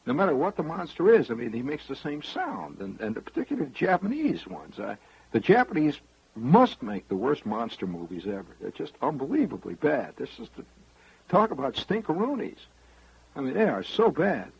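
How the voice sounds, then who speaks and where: A man's voice: a little high, huge pitch swings, moderate pace, creaky, darkish tone, husky, no room sound, low-quality recording. A man hosting a radio show, spinning a rambling, wry monologue straight to the listener. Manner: rambling storyteller, confiding, wry. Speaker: radio host.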